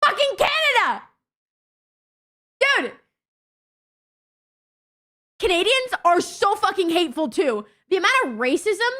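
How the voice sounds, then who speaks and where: A young woman streamer chatting casually with her viewers, blunt, excitable and swearing constantly. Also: very high-pitched. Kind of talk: casual livestream chat with viewers.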